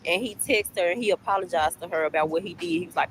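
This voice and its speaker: A woman's voice: on the low side, quick pace, a little hiss or hum, low-quality recording. A woman casually telling a storytime to her viewers, chatty, repeating herself and addressing the audience often, recorded while on a break at work. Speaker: storytime vlogger.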